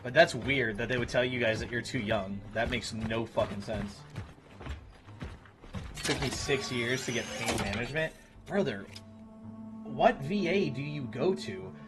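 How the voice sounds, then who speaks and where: A man's voice: medium pitch, measured pace, long pauses. A man in his thirties chatting casually with his stream viewers in a blunt, profane way. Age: 30s. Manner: blunt, profane, talks to chat. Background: music.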